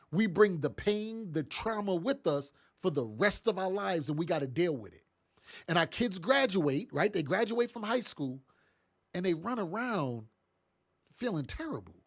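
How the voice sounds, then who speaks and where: A man's voice: sits high, husky. A middle-aged man, congested from sinus trouble, giving a motivational talk as a parenting podcast host in a casual, emphatic, repetitive way. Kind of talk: motivational monologue.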